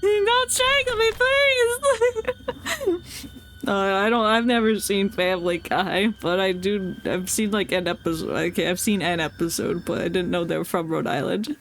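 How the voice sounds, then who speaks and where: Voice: mid-range voice, moderate pace, a little hiss or hum. A streamer with a Northeastern American accent, raised partly in the South, chatting casually and laughing often while reading game text aloud. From United States, South and Northeast. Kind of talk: casual let's-play chat.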